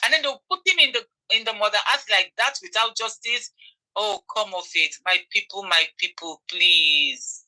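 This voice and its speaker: A woman with a Nigerian accent delivers impassioned commentary, driving each point home by repeating it. Her voice is strikingly bright and sharp. She pleads with her listeners and stays insistent throughout. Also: mid-range voice, normal speed, rough recording. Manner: emphatic, repeats phrases. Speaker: online commentator.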